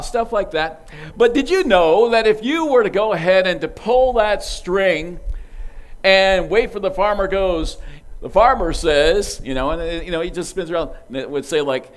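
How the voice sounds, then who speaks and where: A man preaching with a high, bouncy voice that leaps around as he spins a story. He acts out toy sounds and keeps the tale animated before turning it into a lesson. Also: normal speed. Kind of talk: sermon illustration.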